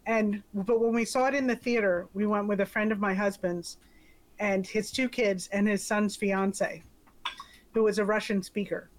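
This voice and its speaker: A woman's voice: mid-range voice, steady tone, normal speed. A woman co-hosting a casual movie podcast, telling stories in a chatty way and laughing often. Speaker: podcast co-host.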